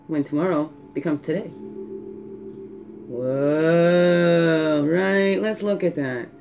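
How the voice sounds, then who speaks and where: A woman hosting a spiritual guidance talk, musing aloud and asking rhetorical questions, often tagging "right?" and a soft "hmm". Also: on the low side, gravelly, highs cut off. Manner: musing, asks rhetorical questions, adds 'right?' and 'hmm'. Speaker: spiritual guidance show host.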